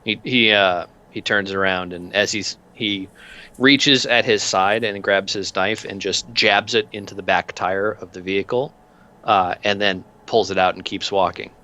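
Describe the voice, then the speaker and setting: A man's voice: fairly low pitch, fairly even intonation, unhurried, sharp tone. A man narrating a tabletop game as game master, casual and loose. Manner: casual, loose, with restarts and fillers.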